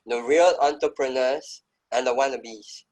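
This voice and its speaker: A man's voice: mid-range voice, a little slow, a little mellow, poor audio. A middle-aged man speaking as an interview guest, telling his story in an emphatic, reflective way. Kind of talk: conversational interview.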